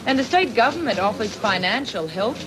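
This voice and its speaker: A woman's voice: fairly high pitch, animated, brisk, noisy background, lightly acted. A woman putting on a posh voice to play a formal newsreader in an old mock news bulletin. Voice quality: posh put-on voice.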